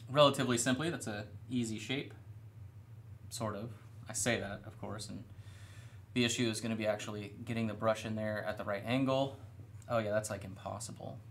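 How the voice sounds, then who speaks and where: Speaking briskly in a fairly low voice, a young man rambles a little as he paints miniatures on a stream from his studio room. The mood is relaxed and self-mocking, with a slight hiss or hum audible.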